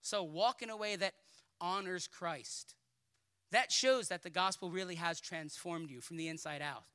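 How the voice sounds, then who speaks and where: A man preaching a sermon as pastor, pleading and emphatic, dropping into casual asides and repeating himself when he builds up steam. His voice sits fairly high and rings with a very bright, forceful, cutting edge. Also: moderate pace, smooth. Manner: colloquial asides and repeated words.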